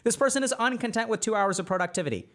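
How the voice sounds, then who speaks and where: A male streamer coaching his viewers on their mental health. His pitch sits a little high and swings widely as he fires off rhetorical questions and checks in with "right?". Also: very fast. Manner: animated, asks rhetorical questions, often says "right?". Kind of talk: livestream advice talk.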